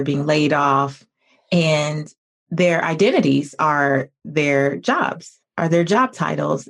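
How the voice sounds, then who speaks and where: A woman hosting a podcast interview, thinking aloud in a reflective, measured way. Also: sits low. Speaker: podcast host.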